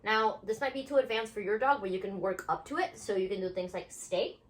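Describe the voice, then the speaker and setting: A woman's voice: medium pitch, a little fast. A woman dog trainer explaining play training to viewers at home, talking to her puppy in between. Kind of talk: casual instructional video.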